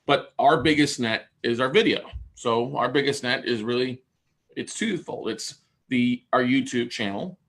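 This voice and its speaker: Bright-voiced man hosting a podcast. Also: medium pitch, unhurried. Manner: rambling, builds long metaphors, restarts. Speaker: podcast host. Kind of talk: casual podcast chat.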